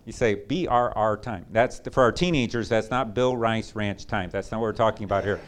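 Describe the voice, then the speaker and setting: Smooth-voiced animated preacher man. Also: fairly quick. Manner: animated preaching, big swings between loud excitement and hushed low tones. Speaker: pastor. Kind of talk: sermon.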